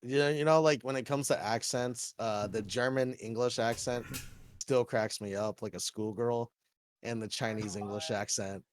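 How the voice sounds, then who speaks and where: A young man hosting a podcast, excitable and rambling with lots of filler words. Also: mid-range voice, normal speed, a little hiss or hum. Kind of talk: casual chat.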